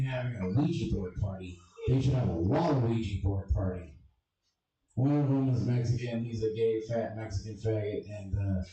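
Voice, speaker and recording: A man's voice: medium pitch, warm tone, highs cut off. A man doing a stand-up comedy set with crude, abrasive and self-deprecating jokes. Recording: echoey room, distant mic, crowd audible.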